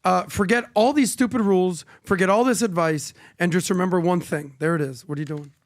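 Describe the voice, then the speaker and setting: A man's voice: high voice, fairly quick, no room sound. A father co-hosting a casual chat, giving brash, confident advice. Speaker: co-host.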